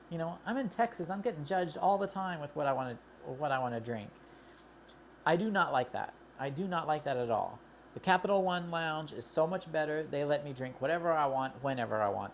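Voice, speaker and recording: A woman's voice: deep voice, slight background noise. A woman reviewing a credit card in a casual vlog, complaining in an exasperated, rambling way with many restarts.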